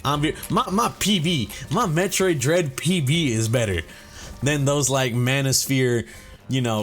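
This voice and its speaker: Hosting a gaming video, he has a mid-range, somewhat bright voice and speaks a touch slowly. He wanders off on tangents, swears casually and fills his talk with filler words, all delivered with joking, mock-serious swagger over faint game music.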